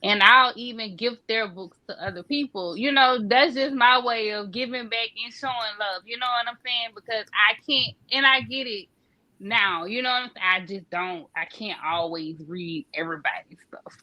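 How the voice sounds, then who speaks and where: A woman's voice: a little high, normal speed, bright, forceful tone. Upbeat woman with a Louisiana accent. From Louisiana, USA. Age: 30s. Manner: chatty and upbeat, laughs easily. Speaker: guest author. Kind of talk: podcast interview.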